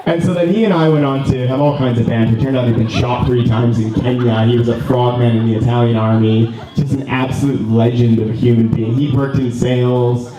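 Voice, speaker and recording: A man's voice: medium pitch, steady tone, brisk, few pauses, noisy background. A young man from Canada, the groom, giving an earnest, rambling wedding speech full of ums and restarts. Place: wedding reception room. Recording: distant, roomy, slightly dull hall recording.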